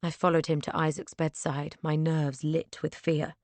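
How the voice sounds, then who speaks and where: A woman narrating a first-person audiobook in a measured, earnest storytelling manner on a close mic. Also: low-pitched, little pitch movement, darkish tone, no room sound.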